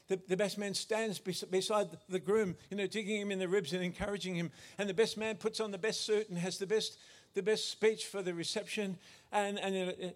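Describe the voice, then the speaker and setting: A man preaching a sermon as pastor, earnest, often restarting and correcting himself. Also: high voice.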